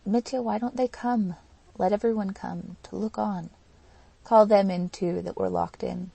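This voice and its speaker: A woman's voice: medium pitch, fairly even intonation, measured pace, vocal fry, warm tone, no room sound, low-quality recording. A woman voicing an impassioned young woman in an audiobook, pleading and emotional. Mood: excited.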